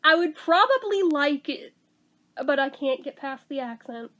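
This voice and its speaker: Woman, high voice, unhurried delivery, sarcastic movie review rant, profane. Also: animated, sharp tone. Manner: sarcastic, blunt, swears freely. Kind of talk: casual ranting review.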